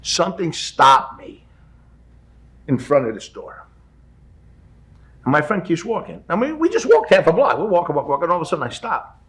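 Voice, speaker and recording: A man in his fifties, a guest in a studio interview, telling a story with animated energy and acting out the people in it. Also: a little high, normal speed, long pauses. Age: 50s.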